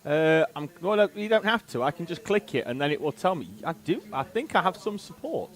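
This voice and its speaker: A man's voice: a little high, animated, a little fast. A man from England co-commentating a live race stream, bantering with his partner, laughing and teasing. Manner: teasing banter, laughing, calls listener "mate".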